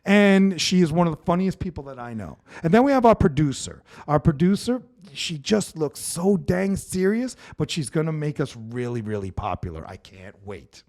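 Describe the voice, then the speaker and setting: Animated man hosting a swearing comedy podcast. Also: on the high side, normal speed, hardly any pauses. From Brooklyn, New York. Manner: animated, swears freely, frequent restarts. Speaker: podcast host. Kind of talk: casual comedic chat.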